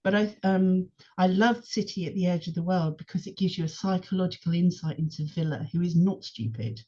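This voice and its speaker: A woman speaking as a podcast guest in casual chat, engaged and animated as she retells scenes. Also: lowish voice, a little fast. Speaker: podcast guest, longtime fan. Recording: dull lo-fi podcast audio.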